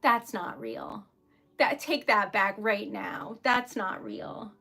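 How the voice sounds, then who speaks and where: A woman's voice: medium pitch, takes it slowly, gravelly, bright, forceful tone. A woman live streaming while she crafts. She talks in an emotional, flustered, giggly way and sounds teary and shaky.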